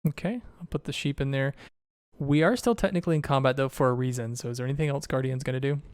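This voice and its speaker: Casting: male game master, smooth higher voice, dry close sound, easy narration. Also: fast talker, no room sound. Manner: relaxed descriptive narration.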